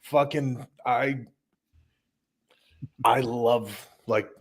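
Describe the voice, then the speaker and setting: A man who is a guest and former wrestler, telling stories in a relaxed, casual way. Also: medium pitch, very slow. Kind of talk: casual chat.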